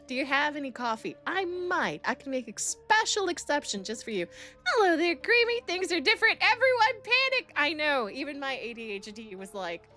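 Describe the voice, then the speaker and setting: A young woman greets her stream chat in a high, bright voice, bubbly and excitable, her pitch swooping up and down. She sounds nervous and excited, speaks at a moderate pace, and soft music plays behind her.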